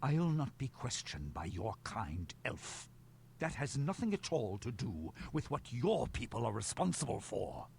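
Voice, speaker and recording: A man's voice: mid-range voice, sing-song, a little slow, vocal fry, a little mellow, slight background noise. An actor playing a proud, wrathful old dwarf king in a video game, with a commanding, suspicious manner. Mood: indignant.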